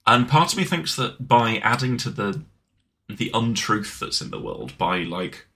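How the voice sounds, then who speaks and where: A man co-hosting a casual podcast, his low voice bright and lively as he jokes and interrupts. He talks fast in bursts and swings his pitch around. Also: vocal fry. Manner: animated, jokey, talks over co-host. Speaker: podcast co-host.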